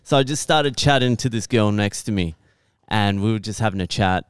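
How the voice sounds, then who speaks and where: A man's voice: on the low side, a little fast, smooth, dry recording, clean studio sound. A young man on a podcast telling a story in casual talk, swearing constantly and laughing now and then.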